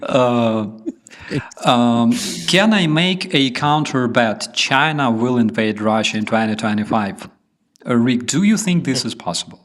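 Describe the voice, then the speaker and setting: A man hosting a relaxed chat in English. His voice sits at an ordinary middle pitch and he speaks very slowly. He leans on fillers as he reads out viewers' messages. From Ukraine. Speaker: host. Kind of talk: casual chat.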